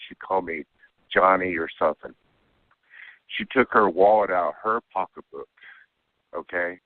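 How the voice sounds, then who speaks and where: A man's voice: low-pitched, normal speed, long pauses, no room sound. A man calling in to tell a rambling first-person story, often checking in with "okay?" and "you know". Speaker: caller telling an abduction story. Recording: tinny phone line, dry.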